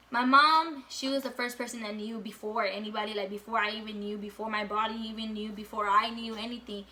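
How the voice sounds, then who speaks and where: A woman's voice: a little high, bright, forceful tone, a little hiss or hum. A young woman vlogger telling a casual storytime, full of fillers and swearing.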